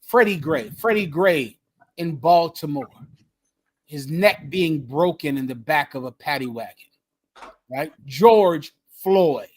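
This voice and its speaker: A man leading a group and preaching in a fiery, emphatic way, repeating his phrases and swinging from loud bursts to hushed lines. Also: on the high side, lively intonation, takes it slowly. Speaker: group leader teaching scripture. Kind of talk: fiery street-style preaching.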